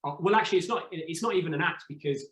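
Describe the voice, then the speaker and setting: A man's voice: a little high, rapid-fire, a bit bright, reverberant, low-quality recording. A man, a podcast guest, telling a story in casual chat, rambling and full of restarts. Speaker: podcast guest, former reality show contestant.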